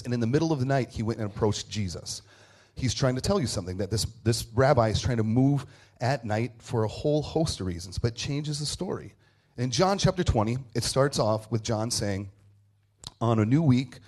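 A man preaching an Easter sermon in a conversational, storytelling way, with laughs and quick asides. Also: medium pitch, darkish tone. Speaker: pastor.

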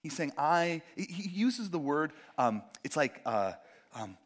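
Guy preaching, chatty and animated, voice sits a bit high and jumps all over, acts out little voices. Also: measured pace. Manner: animated, acts out quotes, jokey asides. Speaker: pastor. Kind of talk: sermon.

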